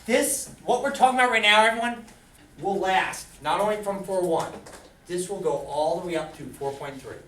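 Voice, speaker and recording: A fairly high-voiced male math teacher lectures to his class, tossing questions at the students to keep them engaged. He is heard from across an echoey classroom, with faint room noise behind him. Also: normal speed, recorded from a distance. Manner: lively, quizzes students, animated. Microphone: camera far from the speaker.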